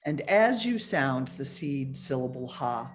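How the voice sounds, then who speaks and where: A woman leading a guided meditation over a video call, giving soft, slow instructions with pauses. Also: rumbling low, animated.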